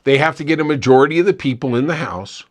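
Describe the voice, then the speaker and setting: A man's voice: fairly high pitch, fast, muffled recording. Sarcastic male political podcast host. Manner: sarcastic, mocking asides. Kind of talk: opinionated political commentary.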